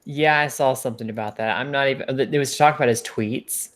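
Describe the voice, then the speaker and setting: A man co-hosting a casual political chat, talking in an animated, mocking way. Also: medium pitch, fairly quick. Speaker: co-host.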